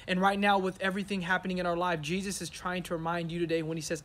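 A young man preaching as a youth pastor, earnest and animated, acting out the disciples' questions as he tells the story. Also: high voice, quick pace, few pauses, a little hiss or hum. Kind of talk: sermon.

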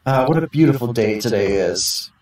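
A man's voice: medium pitch, expressive, moderate pace, a little mellow, voice pushed down, close to an everyday voice. A man voicing a vain, glamorous young female celebrity actor while reading game dialogue aloud, showy and self-satisfied. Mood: preening. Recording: echoey, distant from the mic.

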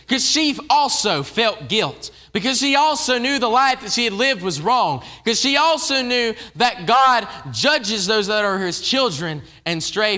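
A man's voice: high voice, sharp tone. A man preaching a casual evening sermon in a church, talking conversationally and often restarting his phrases.

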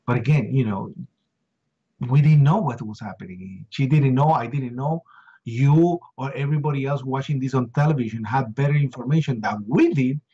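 Husky-voiced man telling a harrowing story. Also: mid-range voice, highs cut off. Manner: animated, repeats words and acts out shouts. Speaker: interview guest. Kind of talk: emotional first-hand storytelling.

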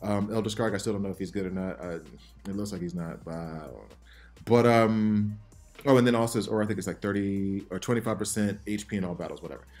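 Rambling, excitable man with a low voice. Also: fast talker, soft background music. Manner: rambling, excitable, self-interrupting. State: jittery from too much coffee. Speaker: gaming channel host. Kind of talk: casual game commentary.

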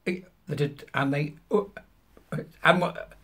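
A man chats on his own show, drifting from tangent to tangent with dry little asides. His voice is husky and sits a bit high for a man. It has the feel of someone talking to his audience alone at home in the early morning. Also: steady tone, takes it slowly. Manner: chatty, rambling, wry asides. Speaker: host. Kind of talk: casual solo commentary.

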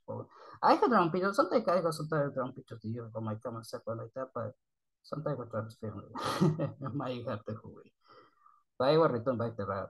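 A man from Japan who speaks English with a Japanese accent as a second language. He rambles through casual reaction commentary, halting, repeating words and swearing often. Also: mid-range voice, slightly rough, rough recording. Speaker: YouTube reactor.

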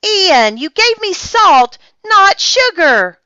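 Casting: woman voicing a bossy, excitable little girl, high and lively, storybook reading, dull dry recording. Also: slow, no echo, exaggerated voice. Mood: eager. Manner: eager, commanding, high and bouncy. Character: bossy energetic young girl running a stand. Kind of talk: storybook character voice.

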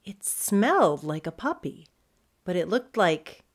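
A woman who is a children's author, reading her chapter book aloud as an expressive storyteller. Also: medium pitch, measured pace.

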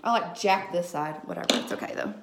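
A woman's voice: fairly low pitch, quick pace, gravelly, background noise. A young woman chatting through a live makeup tutorial at home, checking in with her viewers after nearly every step. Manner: chatty, keeps checking in with "okay?". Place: home room under a ring light. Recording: echoey room.

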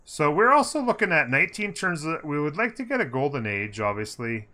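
Thinking out loud and humming while he plays, a man gives cheerful, casual commentary on a strategy game. His fairly high voice swings widely in pitch and sounds bright and forceful, a little fast.

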